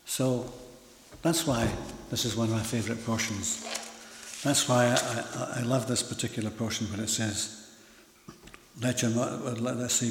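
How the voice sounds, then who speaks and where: A man's voice: mid-range voice, fairly even intonation, moderate pace, vocal fry, pauses often, slight background noise. Older man, lay preacher, earnest and emphatic, ringing hall sound. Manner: earnest, emphatic, with rising and falling loudness. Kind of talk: sermon. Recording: echoey hall.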